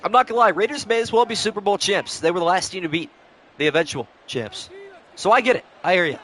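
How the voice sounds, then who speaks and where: A man's voice: high voice, animated, fast talker, a bit bright, a little hiss or hum. A young man calling play-by-play on a live stream, switching between announcer-style calls and casual chat with viewers, short on sleep.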